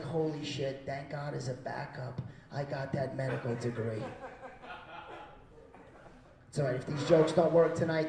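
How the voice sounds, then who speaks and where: A man doing a stand-up comedy set, profane, with loud acted-out quotes. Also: on the high side, echoey room, recorded from a distance, rough recording. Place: small comedy venue.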